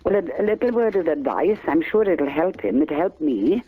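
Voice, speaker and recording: A woman's voice: fairly low pitch, animated, normal speed, breathy edge. A woman from Wales, calling in to a radio show and offering advice in a chatty, hesitant way. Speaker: caller. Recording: tinny phone line.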